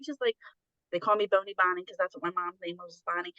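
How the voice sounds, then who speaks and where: A woman's voice: on the low side, fairly quick, no room sound, muffled recording. A middle-aged woman telling stories candidly in a casual conversation, acting out the voices of the people she quotes. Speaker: guest.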